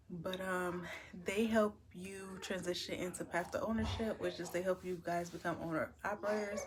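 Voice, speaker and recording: A woman's voice: fairly low pitch, slight background noise. Rambling, candid woman trucker. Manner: candid, rambling storytelling with drawn-out phrases. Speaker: truck driver and vlogger. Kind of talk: casual talk to camera.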